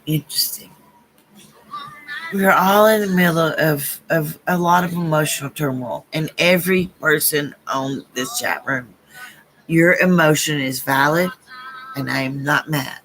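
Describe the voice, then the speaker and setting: A woman's voice: low voice, moderate pace, fairly bright tone, slight background noise, poor audio. A woman with a Southern US accent giving a live-stream card reading to her chat, earnest and blunt, repeating phrases and calling people honey and baby. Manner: gushing, calls listeners honey and baby. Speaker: psychic card reader.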